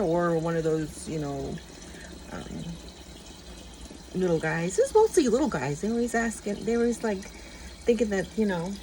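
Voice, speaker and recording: A woman's voice: lowish voice, animated, moderate pace, warm tone, a little hiss or hum, low-quality recording. A middle-aged woman chatting casually at home in a morning vlog, rambling and laughing often. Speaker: vlogger.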